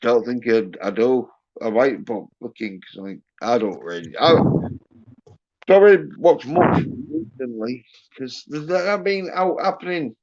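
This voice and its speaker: Man, mid-pitched voice, dull lo-fi audio, halting, lots of fillers, swears casually. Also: darkish tone. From United Kingdom. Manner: halting, filler-heavy, profane. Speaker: livestream guest. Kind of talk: casual chat.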